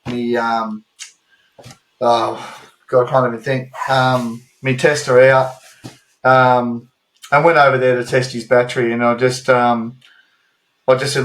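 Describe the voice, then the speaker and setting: A man's voice: medium pitch, little pitch movement, normal speed, poor audio. A man with an Australian accent co-hosting a podcast, telling a story in casual chat, swearing freely and rambling through asides. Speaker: podcast co-host.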